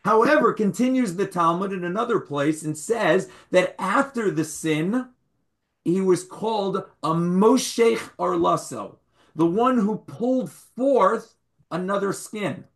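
A man's voice: high-pitched, expressive, unhurried. A man teaching a Torah class to a live group, quizzing his listeners, repeating key words and adding wry humorous asides.

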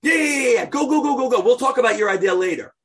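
A man doing an excitable ancient king. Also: high voice, normal speed, slightly rough, heavily acted. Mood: eager. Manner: breezy, eager, casual slang.

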